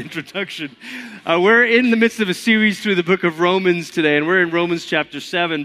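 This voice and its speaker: Man, pastor, chatty sermon in a church, conversational, bright tone. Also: on the high side. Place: church sanctuary.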